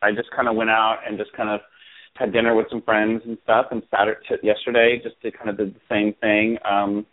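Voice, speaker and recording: A man with a fairly low voice talks in a relaxed, hesitant way, stopping often with little fillers. He sounds like he is heard over a tinny phone line. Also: fairly quick. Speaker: podcast co-host. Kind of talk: casual chat.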